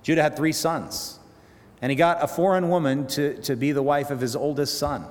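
A man preaching a sermon, retelling a Bible story with animated, halting storytelling that swells loud at the dramatic moments. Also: fairly high pitch. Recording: long hall reverb.

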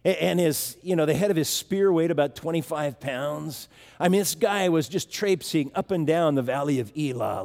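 Male preacher, conversational sermon, mellow high-ish voice, long hall reverb. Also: normal speed, gravelly. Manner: conversational, emphatic, restarts phrases.

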